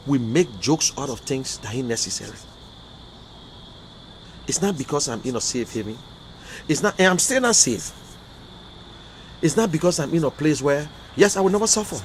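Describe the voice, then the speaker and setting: A Liberian man delivering an emotional, repetitive political rant as a commentator, swinging between loud outbursts and quiet, subdued stretches. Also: a little high, animated, normal speed, pauses often, slight background noise. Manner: emotional, repetitive, rising and falling intensity. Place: in America.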